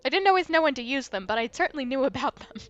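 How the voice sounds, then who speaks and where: A woman hosting a livestream, chatting casually and rambling on in a self-deprecating way. Her voice is smooth and clear and sits fairly high. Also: expressive, racing, a bit bright, lo-fi sound. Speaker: livestream host. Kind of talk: casual let's-play chat.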